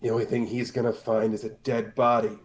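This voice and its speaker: A man acting as game master, narrating and handling rules in a relaxed, matter-of-fact way. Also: medium pitch, a little fast.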